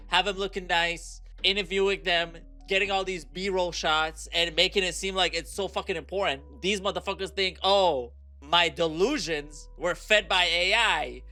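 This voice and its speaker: A man's voice: high voice, bright, forceful tone. A young man reacting to a video, ranting incredulously, swearing and repeating himself. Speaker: reaction streamer. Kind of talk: profane ranting reaction commentary.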